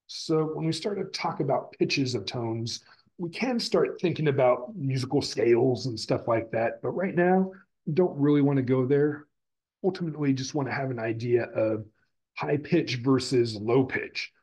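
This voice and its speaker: A man's voice: medium pitch, normal speed, darkish tone, breathy edge, poor audio. A man lecturing on the physics of sound, explaining step by step and restating terms as he goes. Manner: explanatory, repeats and rephrases terms. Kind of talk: recorded classroom lecture.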